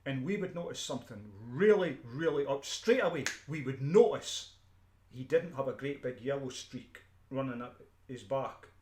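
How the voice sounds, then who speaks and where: Scottish guy ranting off the cuff, middle pitch, keeps restarting and clearing his throat, roomy echo. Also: lively intonation, moderate pace, a little mellow. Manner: emphatic, repeats himself, frequent restarts and throat-clearing. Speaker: street preacher. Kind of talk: unscripted ranting monologue.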